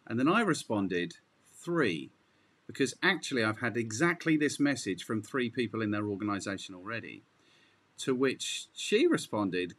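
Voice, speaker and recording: A man hosting a casual interview, telling a wry story and reading messages aloud in a lively voice. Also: mid-range voice, unhurried, husky. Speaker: podcast host.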